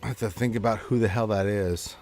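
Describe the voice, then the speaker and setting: A man's voice: on the low side, steady tone, fairly quick, darkish tone, faint music behind. A man running a tabletop game as game master, joking and exasperated, swearing now and then.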